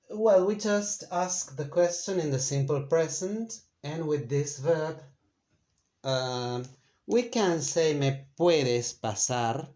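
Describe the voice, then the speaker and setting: A male Spanish teacher explains a lesson casually, speaking slowly in a mellow voice on the high side. Unhurried, he thinks aloud with many fillers and self-corrections.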